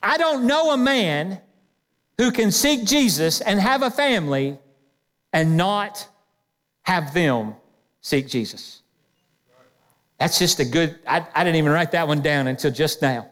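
High-voiced pastor preaching in a reverberant hall. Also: male voice, a little slow, pauses often. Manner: lively preaching with quoted asides. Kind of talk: sermon. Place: church sanctuary.

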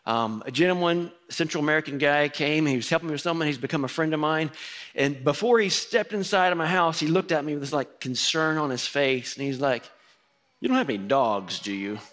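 A man's voice: a little high, fairly quick, a bit bright. A man preaching, telling a personal story in a conversational sermon style with quoted voices. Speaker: pastor.

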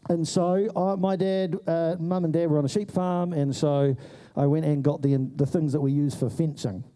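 A man's voice: a little high, moderate pace. A man telling a story in a sermon, acting out the voices of the people in it. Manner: animated storyteller who acts out voices. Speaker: preacher.

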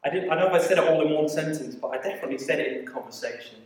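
A man preaching a sermon, telling a story in an animated way with quick asides and acted-out quoted voices. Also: on the high side. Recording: echoey hall, mic at a distance.

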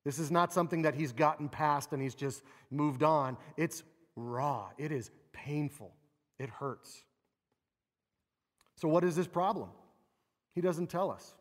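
A man delivers a sermon with an expressive, animated manner, slipping into quoted cries of lament. His voice sits fairly high for a man. It rings out with long reverb from a large hall. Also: measured pace, long pauses. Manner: expressive, acts out quoted laments with rising pitch. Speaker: preacher.

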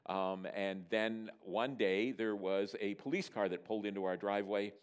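A man from Northern Ontario, Canada, preaching a sermon and telling stories with lively delivery. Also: lowish voice, moderate pace, smooth. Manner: animated storyteller, voicing characters in dialogue. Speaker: pastor. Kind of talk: sermon with storytelling.

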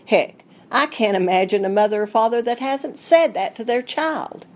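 Appalachian lady chatting thru a recipe on the radio, folksy and warm-hearted. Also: on the high side, expressive, moderate pace. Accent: Southern Appalachian. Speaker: food writer. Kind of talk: recorded radio segment.

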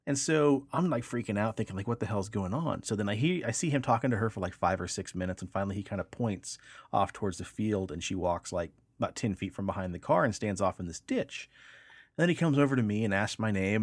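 A young man with a low voice tells a story in an easy, chatty podcast style. He brings the people in it to life with voices. The sound is dry and close. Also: quick pace, slightly rough, dry recording. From Texas, raised in Kansas. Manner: animated storyteller, acts out voices in quotes. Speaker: podcast co-host. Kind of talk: casual storytelling chat.

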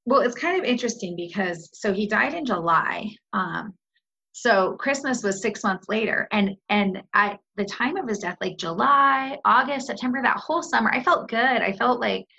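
Gravelly-voiced woman sharing her grief. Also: on the high side, expressive, moderate pace, pushed and bright. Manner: candid, reflective, many fillers and restarts. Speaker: guest. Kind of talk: personal conversation about grief. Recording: muffled lo-fi podcast audio.

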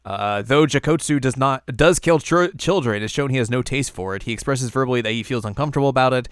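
A man's voice: medium pitch, fast talker, smooth, dry recording, clean studio sound. A man co-hosting a casual episode recap, retelling scenes animatedly and laughing often. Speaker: co-host.

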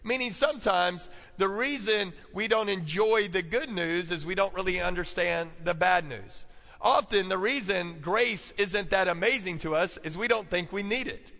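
A man's voice: high-pitched, sharp tone. A male pastor preaching a sermon, calling out to the congregation and repeating key points for them to write down. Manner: call-and-response preaching, repeating points for note-taking. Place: church. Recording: long church hall reverb.

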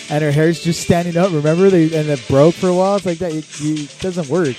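A man's voice: fairly high pitch, steady tone, normal speed, mellow, soft background music. A young man co-hosting a podcast in casual, laid-back chat, swearing freely and reading aloud from notes. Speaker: podcast co-host.

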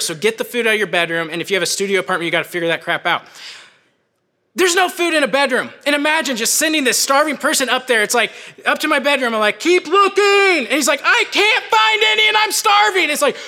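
Young male campus preacher, high, bright, animated sermon, hall reverb. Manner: animated, conversational, shouts at peaks.

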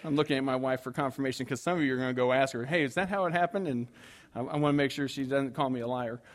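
A man's voice: medium pitch, fast. A man preaching to his congregation, telling a story with humor and acting out his own panic. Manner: animated, acts out his own frantic panic; self-deprecating humor with the congregation. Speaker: pastor. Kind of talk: storytelling sermon.

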